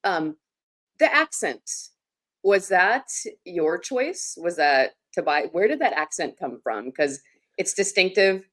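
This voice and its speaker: A woman's voice: fairly low pitch, very animated, slow, fairly bright tone. A woman hosting a podcast interview on a video call. She gushes and laughs a lot as she asks her guest questions. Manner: giggly, gushing, laughs often. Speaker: podcast host. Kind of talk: casual interview chat.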